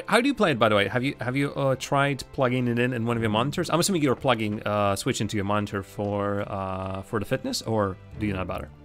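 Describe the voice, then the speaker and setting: A man's voice: mid-range voice, a bit bright. Chatty man streaming a puzzle game. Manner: chatty, thinking aloud, joking with chat. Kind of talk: live gameplay commentary.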